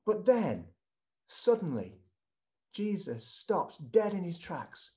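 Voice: mid-range voice, big pitch swings, takes it slowly, dark tone. A preacher giving a sermon as a vivid retelling that addresses the listeners directly.

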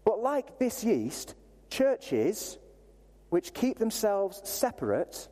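Animated preacher in a reverberant hall. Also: male voice, sits high. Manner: animated, conversational, self-deprecating asides. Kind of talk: sermon.

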